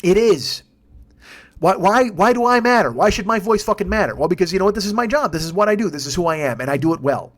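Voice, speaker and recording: A man's voice: sits high, expressive, racing, few pauses. A man in his fifties hosting his own podcast, ranting in a profane, exasperated and emphatic solo monologue. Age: 50s. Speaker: podcast host and comedian.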